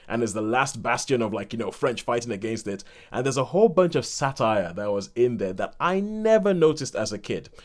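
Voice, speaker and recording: A chatty man from Nigeria, co-hosting a casual film podcast. His voice sits at an ordinary middle pitch, and he talks in a lively, easy way with frequent laughter. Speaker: podcast co-host. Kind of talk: casual chat about films.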